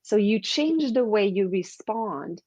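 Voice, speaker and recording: A middle-aged woman, a confidence coach, talking in an animated way as a podcast guest and acting out little scenes as she explains. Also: medium pitch, slow pace, dry recording. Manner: lively, expressive, acts out little scenes. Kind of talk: animated interview talk. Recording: dull, dry lo-fi sound.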